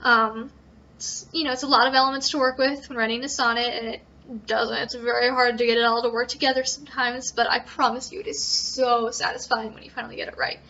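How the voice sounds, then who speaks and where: A young woman talks through poetry basics in a high, bright voice, often pausing with ums and correcting herself. The recording is dull and lo-fi. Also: little pitch movement. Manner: hesitant, many ums and self-corrections. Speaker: student presenter. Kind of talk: informal tutorial.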